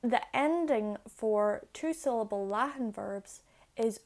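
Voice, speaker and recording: A woman's voice: fairly high pitch, slow. Woman teaching a language lesson. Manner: clear, patient step-by-step explaining. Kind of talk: video lesson.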